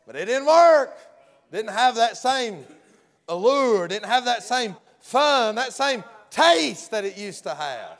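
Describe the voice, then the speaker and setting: A man's voice: very high-pitched, sing-song, takes it slowly, fairly bright tone. A man preaching a folksy sermon, often hollering and acting out the story's characters.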